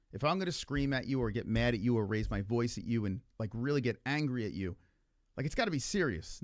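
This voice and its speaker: Man, livestream host, casual argumentative chat, very animated pitch, rambling, profane, dry close sound. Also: no echo. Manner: profane, rambling, heavy on filler words.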